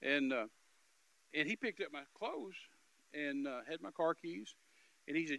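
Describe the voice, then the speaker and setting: A man's voice: on the high side, animated, a little slow, creaky, pauses often, dry recording, poor audio. Emphatic man telling a gripping testimony. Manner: emphatic, repetitive, loud bursts. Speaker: minister giving testimony. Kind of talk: animated storytelling testimony.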